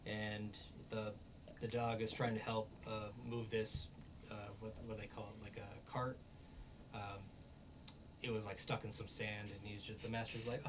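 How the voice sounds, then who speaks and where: With a lowish, flat voice at a moderate pace, a man recaps a show episode in a rambling, filler-heavy way, occasionally acting out what characters say. He sits far from the mic, and there's background noise.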